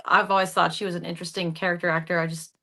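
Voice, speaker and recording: A young woman from the Upper Midwest speaks with a bright, clear tone and a regional accent. She chats animatedly as an actress guest in a radio interview, laughing often as she talks. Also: on the low side, flat delivery, racing. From Upper Midwest, Michigan. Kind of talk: casual interview chat.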